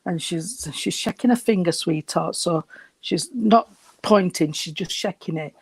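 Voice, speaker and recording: A man giving a reading at a service, gentle and reassuring, and short of breath. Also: high-pitched, unhurried, gravelly, husky, no echo. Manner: gentle, reassuring, calls people sweetheart. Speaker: spiritualist medium.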